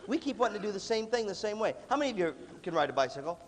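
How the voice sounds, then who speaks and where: A man giving an animated live motivational talk to students, often coughing and acting out voices. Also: sits high, rapid-fire. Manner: animated, acts out quoted voices, coughs between phrases. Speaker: motivational leadership speaker. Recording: reverberant hall recording, faint background noise.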